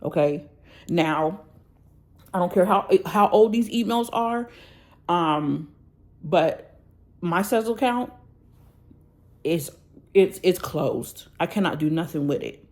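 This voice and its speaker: A woman's voice: lowish voice, animated, slow, pauses often, darkish tone. A woman venting on her vlog about a bad order, angry and blunt, checking in with her viewers. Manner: angry, venting, addresses viewers with "y'all" and "okay?". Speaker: planner vlogger. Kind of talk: casual ranting vlog.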